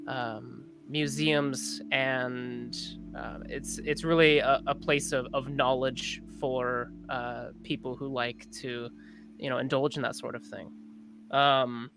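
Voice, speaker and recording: A player slowly narrating their character's scene in a tabletop role-play game, halting and full of fillers. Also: mid-range voice, level tone, creaky, music in the background, low-quality recording.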